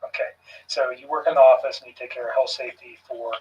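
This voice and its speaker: Calm male investigator, muffled and distant. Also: mid-range voice, slight background noise. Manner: calm, measured questioning with frequent pauses. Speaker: police investigator. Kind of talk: recorded police interview. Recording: muffled, distant room recording.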